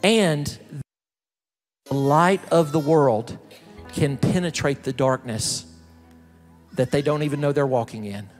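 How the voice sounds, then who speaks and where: A male pastor from the American South delivering a slow, emphatic sermon, building up repeated phrases. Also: on the high side. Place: large church sanctuary. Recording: reverberant hall with soft music behind.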